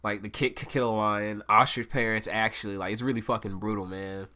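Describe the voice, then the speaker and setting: A man's voice: on the low side, steady tone, brisk, sharp tone. A young man hosting a solo podcast, rambling and swearing through a casual story with self-mocking asides. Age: young adult. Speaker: podcast host.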